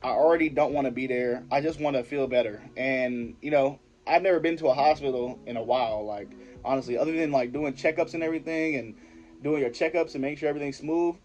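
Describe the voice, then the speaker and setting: Talking fast in a medium-pitched, darkish voice, a young vlogger recounts a personal story to camera. He's rambling, slangy, and profane, often breaking off and restarting sentences. The lo-fi recording has soft music in the background.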